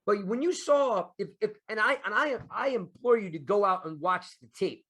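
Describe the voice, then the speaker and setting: A man's voice: sits high, animated, normal speed, a bit bright, breathy edge. A man hosting a casual sports podcast, talking in a rambling way with many restarts. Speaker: podcast host.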